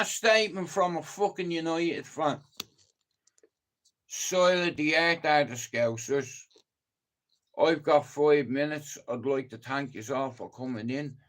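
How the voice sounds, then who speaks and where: A man's voice: mid-range voice, fairly bright tone. An Irish man streaming live, telling stories in a sweary, emphatic way. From Ireland. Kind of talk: casual live-stream monologue.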